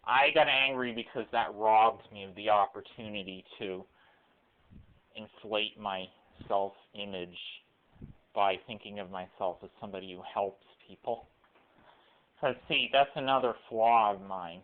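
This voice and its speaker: A man's voice: on the low side, fairly even intonation. Man talking through tinny phone audio. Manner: halting, full of restarts and fillers. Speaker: vlogger. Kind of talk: rambling personal monologue. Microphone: cell phone camera.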